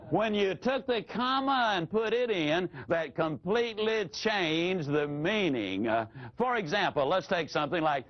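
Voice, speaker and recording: An older man giving a folksy, animated sales seminar talk to an audience, often playing with his vocal inflection. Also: high-pitched. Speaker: sales trainer. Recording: dull lo-fi audio.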